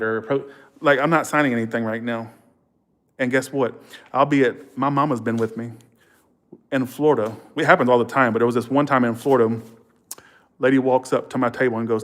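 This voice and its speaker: A man's voice: medium pitch, fairly quick. A man, a tarot reader hosting a livestream, telling stories with feeling and swearing freely. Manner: animated, emotional, swears freely; thanks viewers warmly and repeatedly. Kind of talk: casual livestream storytelling.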